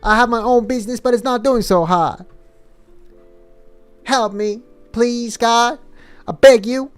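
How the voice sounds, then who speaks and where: A man putting on a desperate, pleading job-seeker who begs in a high, strained, overblown voice. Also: measured pace, clean tone, faint music behind. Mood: begging.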